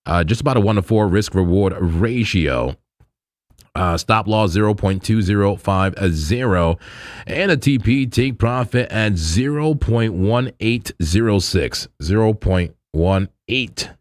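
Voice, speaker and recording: A man's voice: fairly low pitch, a little slow, dry recording, studio quality. A man hosting a crypto trading livestream, chatting loosely with viewers in slang, repeating himself and laughing often. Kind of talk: casual live-stream chat with viewers.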